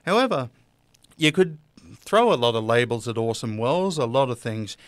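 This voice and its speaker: Smooth-voiced man chatting casually. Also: mid-range voice, lively intonation, normal speed, dry recording. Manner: chatty, with fillers and restarts, laughing easily. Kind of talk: casual unscripted monologue.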